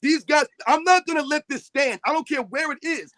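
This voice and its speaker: Very high-pitched yelling sports host. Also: male voice, fairly quick, dry recording, poor audio. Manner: yelling, confrontational, calls out critics. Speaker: sports talk stream host. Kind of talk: heated live-stream rant.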